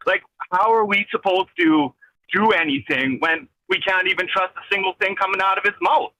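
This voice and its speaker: A man's voice: sits high, normal speed, sharp tone, no room sound. A man on a phone call from his vehicle, ranting in an agitated, rambling, swearing way with many restarts. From Canada. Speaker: caller. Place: in a vehicle driving.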